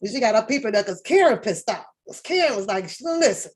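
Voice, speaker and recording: This reaction-channel host is a woman whose husky, medium-pitched voice swings widely in pitch as she talks fast. Her casual take on a reality show rambles, with plenty of swearing, lots of laughing and repeated restarts.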